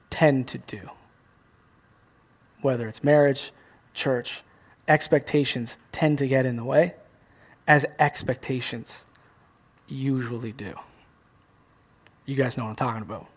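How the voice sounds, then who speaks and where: A young man preaching a sermon as pastor, animated, acting out little scenes and joking at his own expense. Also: medium pitch, measured pace, pauses often. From Canada. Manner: animated, acts out voices, self-mocking jokes.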